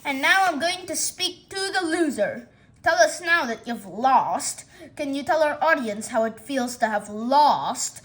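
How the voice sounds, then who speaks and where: A chatty cat announcer from a storybook rambles on, as a woman reads him. The voice sits high and the delivery is slow and drawn out, nudging with question after question. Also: lively intonation, fairly bright tone. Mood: pushy. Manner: rambling, pushy interviewer.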